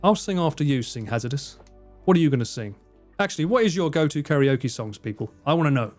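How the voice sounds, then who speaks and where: A man's voice: a little high, lively intonation, fast, faint music behind. Chatty Essex man streaming. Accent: Essex English. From Essex, England. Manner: chatty and self-deprecating, thanks viewers by name. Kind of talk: casual live-stream chat reading viewer comments. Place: home in Japan.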